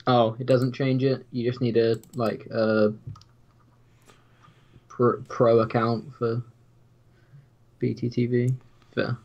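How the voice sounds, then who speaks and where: A man's voice: medium pitch, little pitch movement, takes it slowly, long pauses, darkish tone. A man co-hosting a livestream, chatting casually and mumbling asides while he reads the chat. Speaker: stream co-host. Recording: dull lo-fi stream mic.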